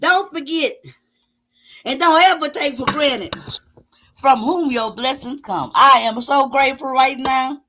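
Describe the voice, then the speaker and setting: A woman hosting her own live stream, talking straight to her viewers in a loud, exclamatory and preachy way, whooping and cursing as she goes. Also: high voice, unhurried, slight background noise.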